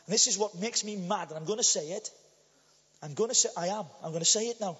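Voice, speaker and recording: A Welsh man preaching a sermon as pastor, impassioned and blunt, sometimes breaking into shouts. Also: high voice, fast talker, slightly rough. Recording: long church reverb, dull lo-fi sound.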